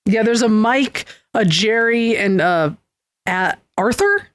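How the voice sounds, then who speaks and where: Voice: medium pitch, expressive, slow pace, a bit bright, no room sound. Sarcastic podcast co-host recapping a comic. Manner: sarcastic, swears casually, recaps the plot. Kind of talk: casual comic book chat.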